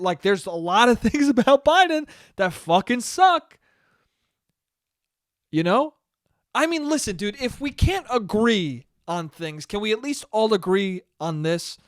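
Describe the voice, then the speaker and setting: A man's voice: high-pitched, no echo, studio quality. A young man hosting a solo podcast in a casual, rambling, profane and self-deprecating way. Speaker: podcast host.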